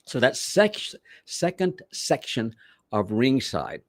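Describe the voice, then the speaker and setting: A man's voice: mid-range voice, big pitch swings, slow, no room sound, clean studio sound. An older man, a veteran wrestler, telling rambling stories in a theatrical, old-school way as a podcast guest. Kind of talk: storytelling in a podcast interview.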